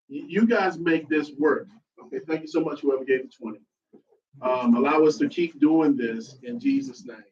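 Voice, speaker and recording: A man leads a couples workshop, encouraging the group and thanking them warmly by turns. His voice sits a little high for a man. The recording sounds distant and muffled, as if picked up across a room. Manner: affirming, encouraging, quick interjections. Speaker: workshop host. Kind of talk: casual group discussion.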